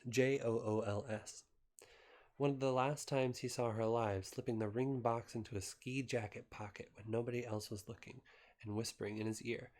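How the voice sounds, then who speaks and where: Male amateur reader, mid-range voice, casual and unpolished delivery, loose homemade reading of a novel. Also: mid-range voice. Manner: relaxed, unpolished, stops to recap in his own words.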